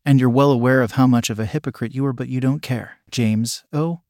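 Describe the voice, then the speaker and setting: A man's voice: medium pitch, steady tone, fast, no echo, clean studio sound. Man narrating an intimate adult story. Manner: soft, intimate storytelling addressed to the listener. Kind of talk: second-person adult audio story narration.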